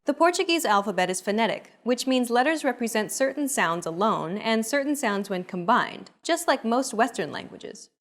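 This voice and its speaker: A woman narrating a scripted grammar lesson, explaining the rules in a clear, measured way. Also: a little high, animated. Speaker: language teacher.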